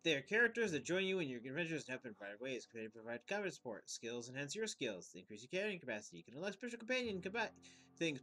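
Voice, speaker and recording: A man's voice: on the high side, big pitch swings, racing, pushed and bright, soft background music, poor audio. A man giving casual let's-play commentary over a video game, sarcastic and joking. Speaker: gamer.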